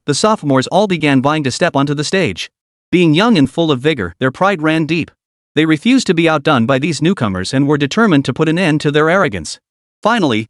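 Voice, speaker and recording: A man narrating a fantasy story recap in a steady, dramatic storytelling manner. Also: on the high side, no room sound, studio quality.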